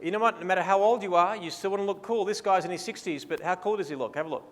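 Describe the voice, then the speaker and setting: A man's voice: sits high, rapid-fire, a bit bright. Australian man presenting in a reverberant hall. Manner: enthusiastic, casual and playful. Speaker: photography seminar presenter. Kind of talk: seminar talk with live posing direction.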